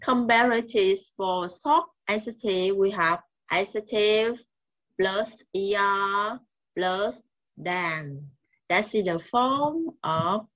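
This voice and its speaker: A woman with a Vietnamese accent teaching English grammar slowly and repeating key words. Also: mid-range voice, dull audio. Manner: slow, repetitive, mixes languages. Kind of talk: classroom grammar lesson.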